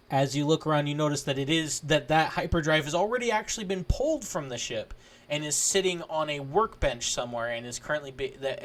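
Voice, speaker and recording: A male game master narrating a tabletop game. He talks in a slightly high voice, halting, with many fillers and restarts.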